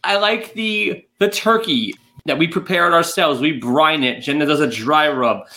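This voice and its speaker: A man's voice: fairly high pitch, normal speed. A man co-hosting a podcast, trading teasing jokes in casual comedic banter. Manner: joking, teasing, animated. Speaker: podcast co-host.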